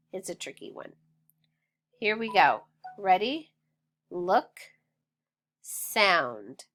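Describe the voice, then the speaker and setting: A woman leads a phonics drill at a very unhurried pace. She stretches each sound out and cheers the learner on. Her voice sits a little low. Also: a bit bright. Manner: patient, encouraging, stretches sounds out. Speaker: phonics teacher. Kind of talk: slow, clear phonics drill.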